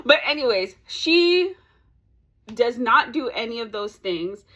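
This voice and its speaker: A young woman vlogger telling a story in casual chat, animated and ranting, laughing between lines. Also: a little high, a little slow, husky.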